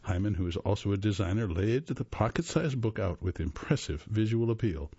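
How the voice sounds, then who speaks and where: A man with a low, slightly husky voice reads a magazine article aloud for a radio reading service. He keeps a steady, measured delivery and now and then stumbles and corrects himself. The recording is dry and close, with a dull lo-fi tone. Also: no echo.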